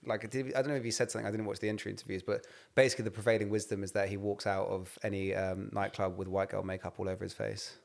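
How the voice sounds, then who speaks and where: A man's voice: on the low side, little pitch movement, rapid-fire, vocal fry, hardly any pauses. A young man co-hosting a casual podcast chat, throwing in dry quips and wry asides. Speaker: podcast co-host.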